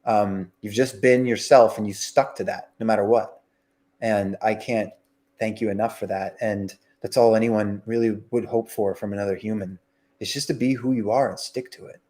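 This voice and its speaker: Guy being interviewed, low voice, heartfelt, lots of ums. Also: steady tone, normal speed, a little mellow. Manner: heartfelt, plain-spoken, with fillers. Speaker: interview guest. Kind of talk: candid conversation.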